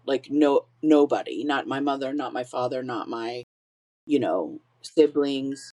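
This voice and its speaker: A woman's voice: extremely low pitch, measured pace, dark tone. A woman in her forties, a podcast guest telling her own story openly, swearing freely and laughing through painful memories. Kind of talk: personal storytelling.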